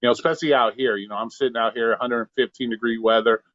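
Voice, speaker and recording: A man's voice: medium pitch, steady tone, fast, a bit bright, dry recording, muffled recording. A man, a delivery driver, telling a heated, profane story in casual talk and acting out the lines of the people in it. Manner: profane, heated, acts out quotes. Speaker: pizza delivery driver guest.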